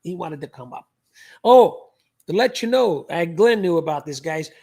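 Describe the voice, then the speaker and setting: A man's voice: on the high side, expressive, moderate pace, creaky, warm tone, slightly rough. A man hosting a livestream, chatting casually in a rambling way with frequent restarts. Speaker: livestream host.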